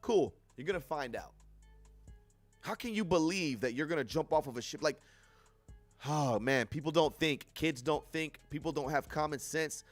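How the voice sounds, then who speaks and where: A young man hosting a livestream, reacting to news with profane, animated commentary and frequent laughs. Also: a little high, moderate pace, no room sound, faint music behind. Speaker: livestream host. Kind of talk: casual commentary on news clips.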